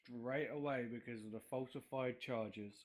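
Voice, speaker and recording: Man, mid-pitched, dry matter-of-fact talker. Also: fairly even intonation, normal speed. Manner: dry, matter-of-fact, then blunt insults. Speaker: creator of the role-play server. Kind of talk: casual chat.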